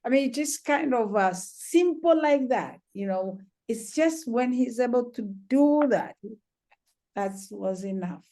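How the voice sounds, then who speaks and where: Mellow-voiced woman healer, gentle and reflective. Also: a little high, lively intonation, slow pace. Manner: gentle, reflective, many "you know"s. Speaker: trauma healer, interview guest. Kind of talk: conversational storytelling.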